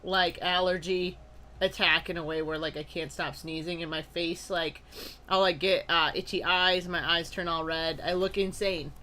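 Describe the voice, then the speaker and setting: Bright-voiced upbeat card-opening streamer. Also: mid-range voice, normal speed, slight background noise. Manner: upbeat, greets viewers by name, frequent loud excited outbursts. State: allergy attack, sneezy. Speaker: live-stream host opening trading cards. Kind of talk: casual live-stream chat.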